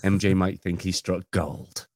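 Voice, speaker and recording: A man's voice: low-pitched, steady tone, unhurried, dry recording, clean studio sound. A man in casual chat, joking and teasing with crude banter.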